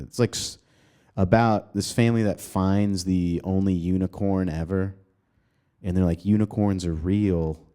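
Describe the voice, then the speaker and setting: A male comedian hosting his own podcast, ranting casually and profanely, rambling with sudden jumps in pitch, recorded in an apartment. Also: mellow. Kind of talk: casual solo podcast rant.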